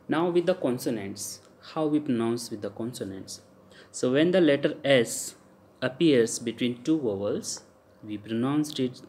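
A man with an Indian English accent gives a French pronunciation lecture at an unhurried, deliberate pace. His voice sits at an ordinary middle pitch. He stops often on fillers and says each example word twice. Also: darkish tone. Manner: halting, many uh fillers, repeats example words slowly.

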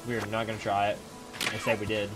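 A young man streaming a video game, reacting casually with frequent swearing and sudden excited outbursts. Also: fairly low pitch, quick pace. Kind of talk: casual gameplay commentary. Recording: game music behind.

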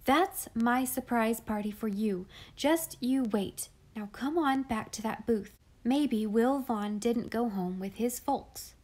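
A woman's voice: a little high, slow, darkish tone. A woman reading a storybook voices a scared but brave ten-year-old girl who tries to sound stout and reassuring. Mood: anxious reassuring.

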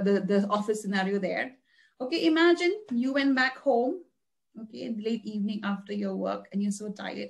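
A woman teacher giving an interactive class, asking her listeners questions and repeating herself as she explains. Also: medium pitch. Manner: asks the class questions, repeats words, animated. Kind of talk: interactive online class talk.

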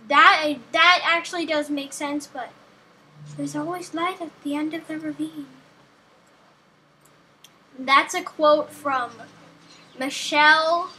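High-voiced young woman rambling over gameplay. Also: steady tone, slow pace, long pauses, pushed and bright, rough recording. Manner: rambling, sarcastic, talks to herself and the game. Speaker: gameplay commentator. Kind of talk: casual gameplay commentary.

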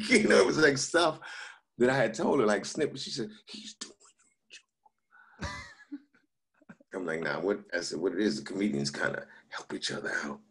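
Middle-aged man, low gravelly voice, laughing storyteller, comedian guest. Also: expressive, quick pace, a bit bright. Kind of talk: casual storytelling.

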